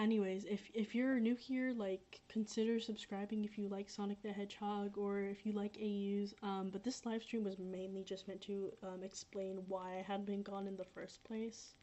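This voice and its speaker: A woman's voice: mid-range voice, mellow, lo-fi sound. A young woman chatting casually on a livestream, reading out comments and answering questions in a rambling way with lots of fillers and repeats. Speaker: livestreaming creator.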